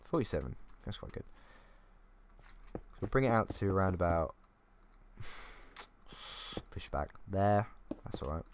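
Young gamer, low voice with bouncy intonation, self-mocking running commentary. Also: male voice, expressive, slow, pauses often, a little hiss or hum. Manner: chatty, self-mocking, thinking aloud. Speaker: gaming YouTuber. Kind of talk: casual gameplay commentary. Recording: faint keyboard clicks.

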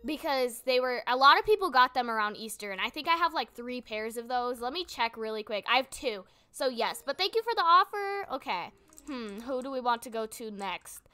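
A woman's voice: fairly high pitch, lively intonation, moderate pace, bright, forceful tone, clear, resonant tone. A young woman casually commenting on her gameplay, chatty and giggly, thinking aloud as she goes. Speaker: gaming channel host.

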